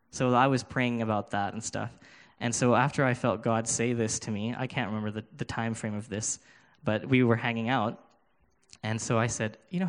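Holding a microphone in his hand, a man preaches a sermon that shares his own testimony. His medium-pitched delivery is earnest but hesitant, with frequent restarts.

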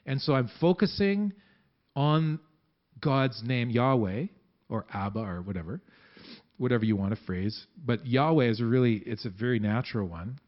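A man's voice: medium pitch, dull audio. A man preaching a sermon in a church, talking conversationally and often restarting his sentences. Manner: conversational, halting with many restarts. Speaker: pastor.

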